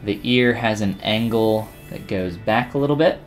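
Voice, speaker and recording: Deep-voiced man chatting through a live sculpting tutorial. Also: normal speed, soft background music. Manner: relaxed, rambling, with frequent fillers and restarts. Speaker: 3D sculpting instructor streaming live. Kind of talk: casual live-stream tutorial, chatting with viewers while working.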